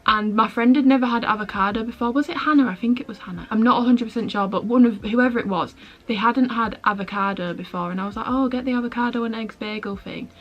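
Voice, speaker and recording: A woman's voice: on the high side, fast talker, dull audio. Chatty young Englishwoman vlogging at home. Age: early 20s. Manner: chatty and rambling, with lots of "like". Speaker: fitness vlogger. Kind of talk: casual vlog chat.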